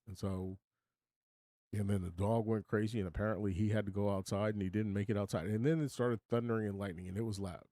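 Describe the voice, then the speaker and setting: A man's voice: fairly low pitch, dark tone, no echo. A man in his sixties hosting a casual livestream from his home studio, chatting with viewers in a rambling, self-deprecating way. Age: 60s. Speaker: livestream host.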